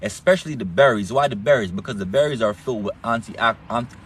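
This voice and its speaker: A man's voice: medium pitch, fast. Man, accented, swearing lecturer, casual preachy monologue, faint noise behind. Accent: non-standard English accent. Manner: profane, emphatic, lecturing, repeats words. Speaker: online health talk host.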